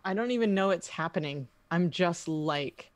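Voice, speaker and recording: A woman with a somewhat low voice plays a tabletop game in a playful, teasing way, describing her character's moves and jokes. She speaks into a home microphone. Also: animated, moderate pace, no room sound. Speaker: player. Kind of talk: casual tabletop play.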